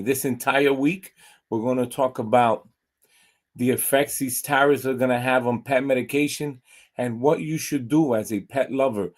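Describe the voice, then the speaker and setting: Man, pet show host, casual and rambling, lots of fillers, slow talker, mid pitch. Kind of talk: casual vlog chat and joke telling. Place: at home with his dog.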